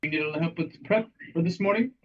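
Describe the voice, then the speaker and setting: A man playing a tabletop game, talking dryly and measured in character. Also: on the high side. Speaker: player. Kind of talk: tabletop role-play banter. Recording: distant dull lo-fi mic.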